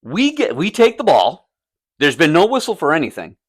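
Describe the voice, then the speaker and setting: Animated, swearing male storyteller. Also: fairly high pitch, normal speed, slightly rough, dry recording, clean studio sound. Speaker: podcast co-host; youth soccer coach. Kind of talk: casual chat.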